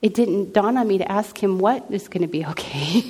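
A woman's voice: medium pitch, moderate pace, darkish tone, slightly rough. Earnest woman telling a faith testimony. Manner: earnest, conversational, many restarts and quoted dialogue. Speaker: speaker sharing a personal testimony. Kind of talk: faith testimony, casual storytelling.

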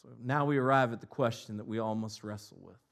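A man from Ohio preaching a sermon, mixing jokey, animated asides with earnest, quieter scripture reflection. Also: mid-range voice, fast talker, vocal fry. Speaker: pastor.

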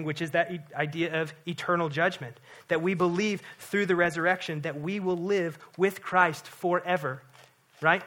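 A man's voice: fairly high pitch, sharp tone. A middle-aged man, a pastor, giving an earnest, conversational sermon with frequent restarts.

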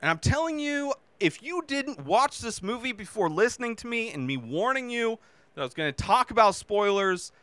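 A man hosting a movie review show in a bright, smooth, fairly high voice. He talks at an unhurried pace but swings widely in pitch, bursting into shouts as he acts out his own reactions. The sound is dry and close. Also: sing-song, dry recording. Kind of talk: casual spoken movie review.

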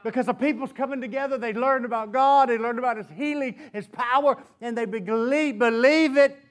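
A pastor with a strikingly high voice tells his sermon as an animated story at a fairly quick pace. He frequently bursts out laughing partway through sentences while speaking to his congregation.

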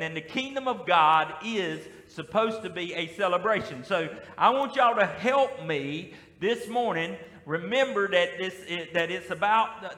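A high-voiced male pastor from the South delivers a lively call-and-response sermon in a church sanctuary. The echoey hall gives the recording a long reverb.

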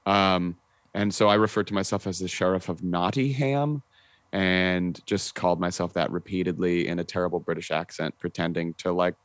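Man, young adult, very low voice, dry close sound, casual storytelling, acts out quotes, lots of "like". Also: normal speed, no echo. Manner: animated storyteller, acting out quotes, frequent "like" and swearing. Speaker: podcast guest, actor.

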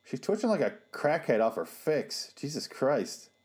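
A man's voice: medium pitch, very animated, unhurried, darkish tone, husky. A man giving casual, sarcastic and profane watch-along commentary on a TV show.

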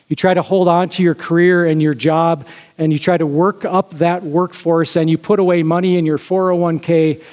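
Preaching from the pulpit, this pastor speaks conversationally, often using fillers and turning aside to address his listeners. His voice is a little high for a man yet darkish in tone, and it echoes with long reverb from a large hall.

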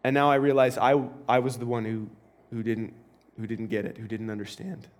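A man preaching a sermon as an animated, humorous story with frequent asides. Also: mid-range voice, brisk. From Canada.

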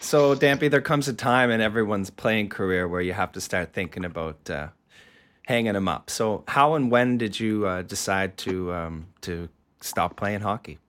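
A man's voice: on the low side, normal speed, fairly bright tone. A man who teaches school, hosting a podcast interview in a casual, encouraging way and asking questions.

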